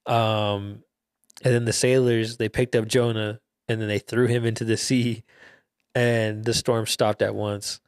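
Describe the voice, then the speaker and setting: A man's voice: lowish voice, little pitch movement, unhurried, clean tone, no room sound, clean studio sound. A young man hosting a podcast, casually retelling a Bible story in loose slang with laughs and fillers. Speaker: podcast host.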